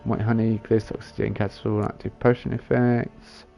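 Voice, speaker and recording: A man's voice: on the low side, little pitch movement, brisk, gravelly, warm tone, lo-fi sound, soft background music. A man giving casual commentary on a game he plays, muttering and reading item descriptions aloud as he thinks it through. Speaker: gaming channel host.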